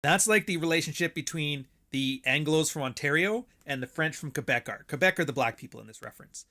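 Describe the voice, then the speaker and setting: Canadian male host, bright and tense tone, joking riffs. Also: a little high. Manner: joking, fast riffing with restarts. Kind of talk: casual chat.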